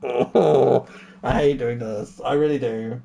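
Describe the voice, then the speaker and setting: A young streamer with a mid-range, dark-toned voice talks slowly and steadily, with vocal fry, to his chat. His casual remarks move from a sombre farewell to exasperated outbursts laced with profanity.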